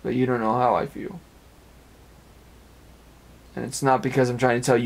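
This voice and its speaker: A man's voice: mid-range voice, little pitch movement, moderate pace, gravelly. A young man talking at length in an earnest, rambling personal monologue, repeating phrases as he goes, recorded in an apartment. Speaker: amateur web radio speaker.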